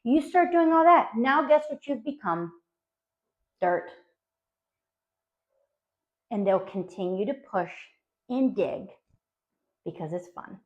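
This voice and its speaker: Animated woman dog trainer, lo-fi sound. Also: mid-range voice. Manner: animated, acts out dogs and owners in quick voices. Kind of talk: spoken instructional talk to dog owners. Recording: dull lo-fi sound.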